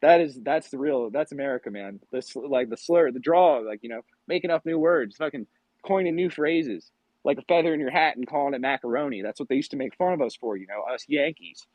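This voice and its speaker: A man's voice: mid-range voice, lively intonation, fairly quick, darkish tone, no room sound. Rambling profane man, dull lo-fi sound. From New England. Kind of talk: casual chat.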